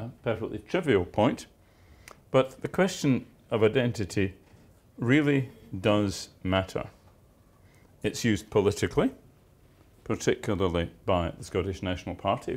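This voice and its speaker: A man's voice: lowish voice, darkish tone. A man giving a university lecture, with dry, wry asides and emphatic stresses on key words. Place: lecture theatre.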